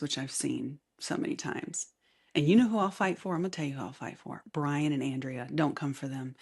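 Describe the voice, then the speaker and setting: A woman hosting a casual solo podcast with a light Southern accent, chatty and rambling, often laughing and dropping into soft asides. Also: sits low, vocal fry, slightly rough. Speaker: podcast host. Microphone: camera mic facing the speaker.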